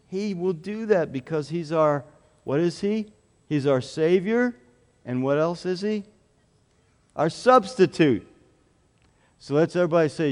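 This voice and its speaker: Slow earnest preacher in echoing church. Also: male voice, on the high side, expressive, darkish tone. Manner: simple, earnest, asks the children questions. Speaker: pastor. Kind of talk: children's sermon.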